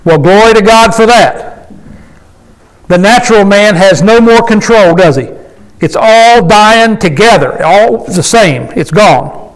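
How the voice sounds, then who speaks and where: A man with a high voice preaches in a loose, conversational way to a small gathering. He is folksy and emphatic and keeps asking the congregation questions. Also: a little slow, rough recording. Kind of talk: conversational sermon with call and response.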